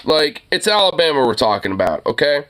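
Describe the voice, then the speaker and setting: Animated, profane young man ranting. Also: fairly high pitch, brisk. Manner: profane, rambling, stammering restarts. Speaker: streamer reacting to a video. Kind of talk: casual reaction commentary.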